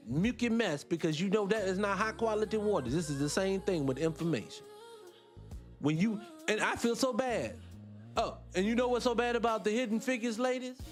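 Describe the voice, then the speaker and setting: A man hosting an online radio show, talking casually and rambling to his listeners, swearing freely. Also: high voice.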